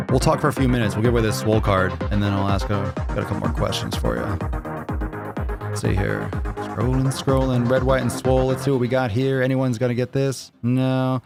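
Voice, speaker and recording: A man's voice: medium pitch, expressive, brisk, creaky, over loud music. An American man hosting a casual live Q&A, rambling and joking with his viewers, often repeating himself. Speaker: livestream host.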